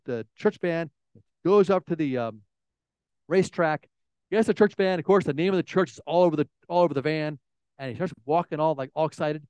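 A man preaches a sermon to a room full of listeners. His voice sits a little high, and he tells stories in an animated way, restarting his phrases as he goes. The recording is close and dry. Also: clean tone, dry recording. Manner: animated storytelling with frequent restarts. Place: room with an audience.

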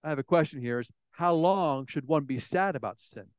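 A man's voice: fairly high pitch, fairly quick, clear, resonant tone, dry recording, dull audio. A man preaching a sermon in a conversational way, often repeating words and acting out little everyday scenes. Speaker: pastor.

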